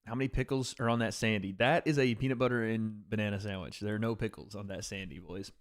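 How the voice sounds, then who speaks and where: A man's voice: fairly low pitch, steady tone, fast. A man hosting a casual livestream, reacting to fights and joking with chat in a rambling way. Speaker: livestream host reading chat. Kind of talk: casual live commentary on fights.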